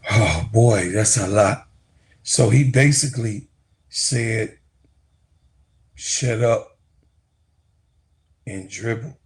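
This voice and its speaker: Very slow-talking host setting up clips. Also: male voice, lowish voice. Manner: relaxed, introduces clips and sums them up. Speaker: channel host reacting to clips. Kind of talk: casual reaction commentary.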